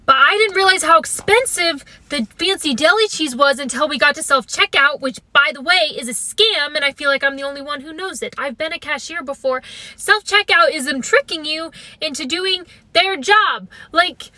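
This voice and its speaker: High bright girl telling a funny storytime, dry close mic. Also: moderate pace, no echo. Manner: wry, chatty, exaggerated. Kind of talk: comedic storytime narration.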